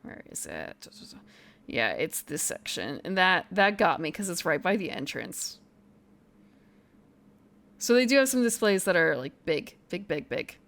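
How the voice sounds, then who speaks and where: A woman's voice: fairly low pitch, big pitch swings, a little slow, vocal fry, pauses often, fairly bright tone. A woman streamer chatting casually on a live stream, thinking aloud, muttering to herself and sounding out foreign phrases.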